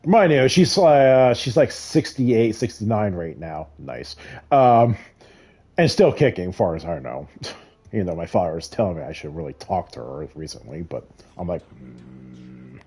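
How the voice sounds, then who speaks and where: A man's voice: low voice, expressive, normal speed, warm tone, husky. A middle-aged man telling a heated, profane story in a casual rant while gaming. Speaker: gamer.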